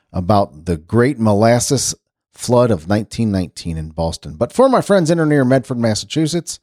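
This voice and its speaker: A man's voice: medium pitch, warm tone, no echo, clean studio sound. A man hosting a casual radio segment, reading weather and birthdays in a chatty, rambling way. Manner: chatty, rambling, self-correcting. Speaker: radio host.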